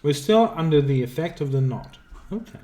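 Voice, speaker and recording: A man's voice: on the high side, expressive, moderate pace, warm tone. A man streaming a video game, thinking aloud and swearing freely in casual commentary.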